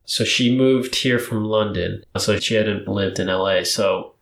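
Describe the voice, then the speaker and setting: A young man chatting casually as a podcast guest, telling a rambling, animated story full of fillers. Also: on the low side, unhurried, vocal fry, slight background noise. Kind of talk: casual chat. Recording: roomy echo.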